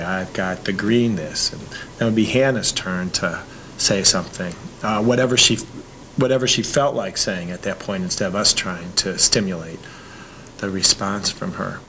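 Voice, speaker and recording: Father talking with a bright voice. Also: low-pitched, slight background noise, low-quality recording. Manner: reflective, with restarts. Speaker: parent. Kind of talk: casual interview.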